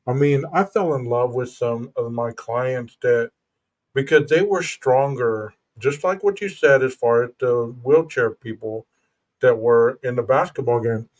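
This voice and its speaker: A man's voice: medium pitch, unhurried. Earnest reflective man hosting a stream. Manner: earnest, reflective, says "bro" and "you know". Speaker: podcast host. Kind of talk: casual livestream chat.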